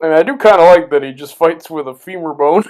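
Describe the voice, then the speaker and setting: A man's voice: fairly high pitch, quick pace, a little mellow, poor audio. A tipsy man co-hosting a movie watch-along, rambling and trailing off between laughs in casual commentary.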